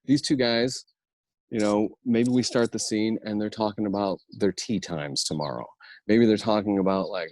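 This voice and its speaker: A man, an improv instructor, chatting as a guest and acting out quotes in an animated way. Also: lowish voice, moderate pace, dry recording. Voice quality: animated storyteller, acts out quotes. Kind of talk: casual interview chat.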